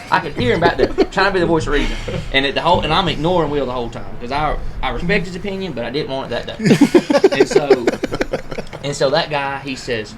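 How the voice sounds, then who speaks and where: Man, casual storyteller, animated and laughing, noisy room. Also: mid-range voice, quick pace. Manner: animated, laughing, acts out quoted lines. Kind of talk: casual storytelling among friends.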